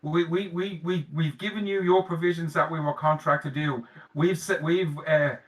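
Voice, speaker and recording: A man playing his character in a tabletop game. His voice sits on the higher side, and he hesitates and searches for his words as he speaks. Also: fairly even intonation, moderate pace, a bit bright, poor audio. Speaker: player.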